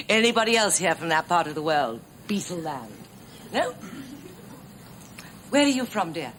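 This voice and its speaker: An actress playing a nursing tutor who lectures new students in a brisk, chatty way with small laughs. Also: female voice, fairly low pitch, big pitch swings, fairly bright tone, slight background noise, low-quality recording. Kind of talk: scripted TV drama acting.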